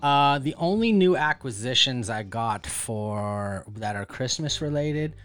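Podcast co-host, male, bright forceful voice, rambling easygoing chat, faint music underneath. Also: mid-range voice, animated, unhurried, clean tone. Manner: rambling, full of fillers and restarts. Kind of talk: casual chat.

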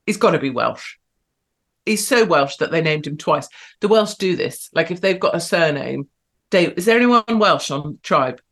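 Woman hosting her live show, sarcastic and stirring things up, talks to chat, on the low side. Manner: provocative, sarcastic, big swings in pitch and loudness. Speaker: host of an online show. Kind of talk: live-stream commentary with chat.

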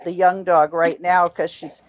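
A woman from New Jersey, a dog trainer, gives calm, explanatory interview answers over headphones on a remote call, often restarting her sentences. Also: on the low side, measured pace, dry recording. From New Jersey, USA. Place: temporary room away from home.

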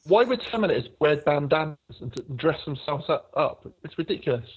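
A man's voice: a little high, sing-song, a little fast, breathy edge, lo-fi sound. A man co-hosting a casual podcast, joking and teasing the others.

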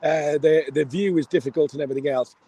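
A man calling in live from outside a football ground on a phone held to his ear, rambling excitedly and swearing freely. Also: a little high, fast, no room sound. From Ireland. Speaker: live correspondent at the match. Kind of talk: excited phone call from a match. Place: outdoors near a stadium.

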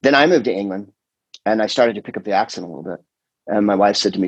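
Middle-aged male comedian, low husky voice, loose rambling podcast storyteller. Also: quick pace, dry recording, highs cut off. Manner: rambling, animated storytelling with quoted voices and swearing. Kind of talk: casual chat.

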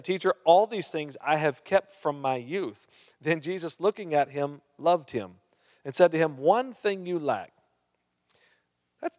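A man preaches a sermon, reading Bible verses aloud and stopping to quiz and joke with the congregation. His voice sits on the high side for a man. It rings out with the long reverb of a big hall. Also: a little mellow. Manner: reads scripture, then asks the crowd questions and jokes. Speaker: pastor.

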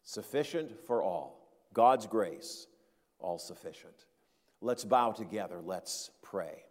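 Earnest preaching pastor in a reverberant hall. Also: male voice, lowish voice, lively intonation, slow pace. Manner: earnest, emphatic preaching with repeated phrases. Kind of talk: sermon.

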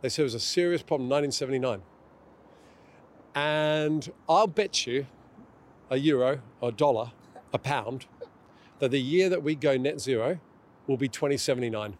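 A man's voice: mid-range voice, moderate pace, long pauses. Emphatic middle-aged man. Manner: emphatic, acts out quoted voices. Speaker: author and guest. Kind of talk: conversational interview.

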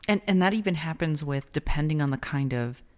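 A woman's voice: sits low, a little fast, darkish tone. An American woman co-hosting a podcast in casual chat, laughing easily and thinking aloud. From United States. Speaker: podcast co-host.

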